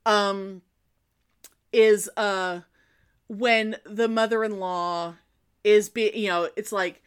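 A woman retelling a film in casual chat, animated and rambling, often restarting her sentences. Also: medium pitch, slow, smooth.

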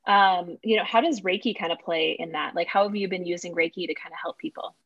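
A woman's voice: lowish voice, fast, fairly bright tone, dry recording. Woman host on dull lo-fi call. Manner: thoughtful, hesitant phrasing. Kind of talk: casual interview questions.

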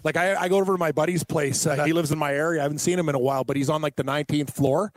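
A man's voice: on the high side, fairly even intonation, racing, dry recording. A man from Canada chatting casually, often laughing and joking about his own fears, with plenty of "like". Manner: laughs often, self-deprecating, uses "like" a lot. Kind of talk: casual chat.

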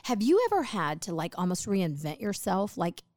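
A woman's voice: lowish voice, big pitch swings, normal speed, darkish tone, no echo. A middle-aged woman chatting with her husband, rambling through a story in a chatty way. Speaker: co-host, host's wife. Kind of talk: casual chat.

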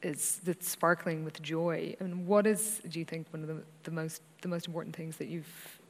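A woman interviewer asking a long question in halting, searching phrases. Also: low-pitched, level tone. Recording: long hall reverb.

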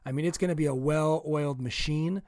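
Brief: man, fairly high voice, sore throat, dry close sound, casual chat. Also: a little fast, a little mellow, dry recording.

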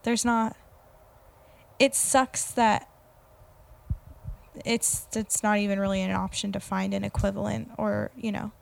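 A woman's voice: mid-range voice, fairly even intonation, a little slow, vocal fry, long pauses, a little hiss or hum. A woman chatting casually and laughing easily as a podcast co-host. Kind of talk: casual chat.

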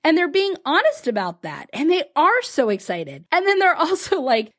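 A woman hosts a solo business podcast in a high, bright voice. Her pitch swings widely as she tells a client story. She laughs often and acts out what others said. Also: wildly swooping pitch, normal speed. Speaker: podcast host and business coach.

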